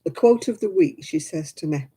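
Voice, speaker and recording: A chatty older woman, her voice husky and mellow as she swoops up and down through her stories. She giggles often while hosting a relaxed crafting session, heard over a home video call. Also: deep voice, moderate pace, low-quality recording. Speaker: craft stream host. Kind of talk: casual chat while crafting.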